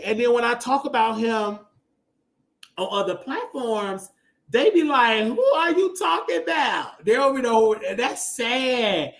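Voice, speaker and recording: A man in his thirties hosting a casual commentary show, talking emotionally and bursting into loud exclamations. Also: high voice. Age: 30s. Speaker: show host.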